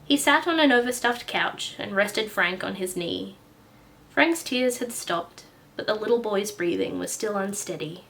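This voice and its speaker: A woman's voice: medium pitch, creaky, a bit bright. A woman casually reading her own story aloud, chatty and easily sidetracked.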